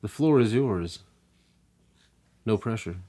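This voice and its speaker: A man's voice: on the low side, expressive, slow pace, noisy background. A young man in casual podcast chat, cursing freely and laughing often. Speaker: podcast co-host.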